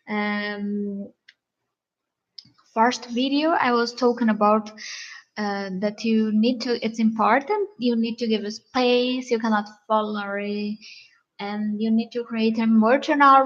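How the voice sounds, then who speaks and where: Slow, halting woman relationship coach. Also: mid-range voice, highs cut off. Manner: halting, repetitive, earnest advice. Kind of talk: advice vlog.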